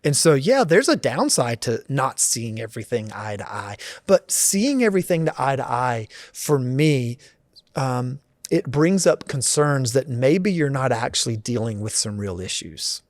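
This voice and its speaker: A man's voice: mid-range voice, sing-song, measured pace, dry recording, studio quality. A man in his forties, a pastor, talking earnestly and reflectively about marriage in a podcast conversation.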